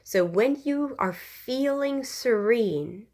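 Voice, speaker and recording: A woman talking slowly and thoughtfully to her channel's viewers, giving motivational advice with many ums and pauses. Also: a little high, animated, darkish tone. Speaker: channel host sharing personal growth advice. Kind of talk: reflective motivational talk to camera.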